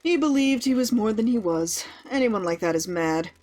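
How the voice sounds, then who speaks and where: A woman reading aloud the lines of an ancient, weakened god who judges visitors, in a measured way. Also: fairly high pitch, expressive, a little mellow, lightly acted. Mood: aloof.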